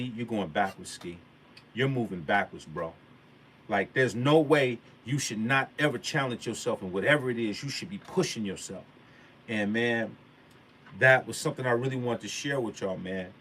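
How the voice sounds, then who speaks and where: A man's voice: mid-range voice, a bit bright, a little hiss or hum. A man vlogging a motivational story in a casual, slangy way, stressing and repeating his points like a sermon. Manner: emphatic, preachy, repeats key points.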